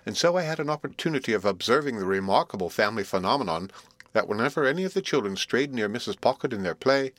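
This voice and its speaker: A man narrating a classic novel as an audiobook, reading in a measured, even manner. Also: fairly low pitch, dry recording. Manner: measured, even reading of old literary prose. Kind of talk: scripted narration.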